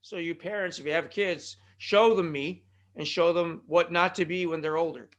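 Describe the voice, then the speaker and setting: High, bright-voiced rambling podcast host man. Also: fairly even intonation, normal speed. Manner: joking, self-deprecating, rambling with tongue-tied restarts. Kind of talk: rambling solo podcast monologue. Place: California.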